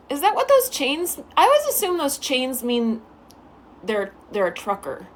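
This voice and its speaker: A woman's voice: high voice, huge pitch swings, normal speed. A woman livestreamer in casual chat, greeting viewers by name and reading their comments aloud in a sweet, affectionate way.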